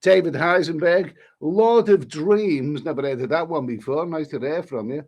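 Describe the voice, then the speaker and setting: A man's voice: on the high side, normal speed, darkish tone, lo-fi sound. A middle-aged man from England hosting a casual live stream, reading out viewer names and messages and chatting about them. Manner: rambling, chatty, reads out usernames and messages.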